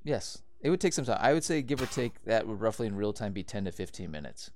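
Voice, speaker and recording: A man's voice: lowish voice, big pitch swings, fast, darkish tone, slight background noise. A young man co-hosting a podcast who picks apart movie details and laughs often. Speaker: podcast co-host. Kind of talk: casual chat.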